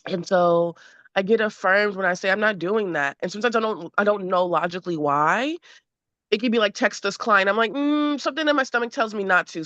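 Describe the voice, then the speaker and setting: A woman speaks candidly in a group session. She is earnest and emotional, peppers her speech with fillers and slips into animated voices for quotes. Her voice sounds bright and sharp, and the recording is dull and very dry. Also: medium pitch, dry recording. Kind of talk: candid personal sharing.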